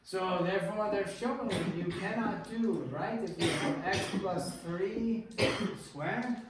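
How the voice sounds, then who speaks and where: A high-voiced man teaches algebra at an unhurried pace, trading jokes with his class. He is picked up from across an echoey classroom with steady noise behind him. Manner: joking, laughs often. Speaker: math teacher. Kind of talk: classroom lecture with banter. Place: classroom, recorded from afar. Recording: echoey classroom from far off, noisy.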